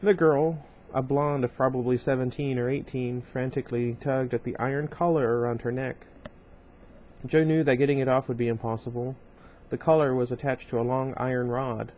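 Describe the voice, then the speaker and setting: A man's voice: medium pitch, a little mellow. A man casually reading a novel aloud at home, breaking off often for rambling side comments full of fillers. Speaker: reader of a book series.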